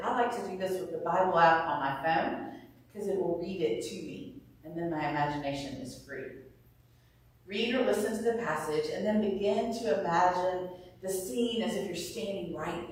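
A woman calmly teaching ways to meditate on scripture, in a measured, explanatory manner. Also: fairly low pitch, far from the mic. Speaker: Bible teacher. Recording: roomy echo, voice somewhat off-mic.

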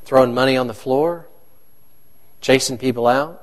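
A man's voice: mid-range voice, normal speed. A man, a pastor, preaching a conversational sermon and asking his congregation questions.

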